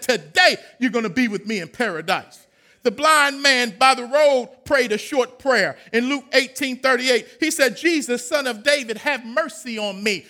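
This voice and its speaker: A man, preaching a sermon that swings from low, quiet talk to loud shouted calls. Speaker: pastor.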